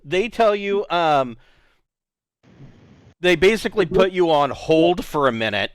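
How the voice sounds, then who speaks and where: A man narrating as game master of a tabletop game, often pausing to search for words. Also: high voice, animated, clear, resonant tone, no room sound.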